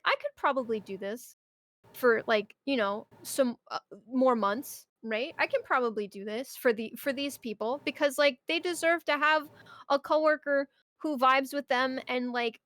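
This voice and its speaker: A woman's voice: high-pitched, a bit bright, no room sound. A young woman streamer chatting casually and ranting about her job, swearing often and breaking into mock outbursts. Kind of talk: casual chat.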